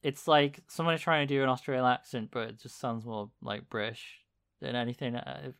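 Smooth-voiced man rambling through a recap. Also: medium pitch, steady tone, fairly quick, fairly bright tone. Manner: rambling, laughing retelling with many fillers. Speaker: podcast co-host. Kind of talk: casual chat.

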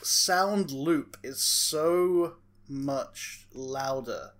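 A man's voice: mid-range voice, extremely slow, fairly bright tone. A man co-hosting a casual podcast, chiming in with dry corrections and precise details. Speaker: podcast co-host. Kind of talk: casual chat.

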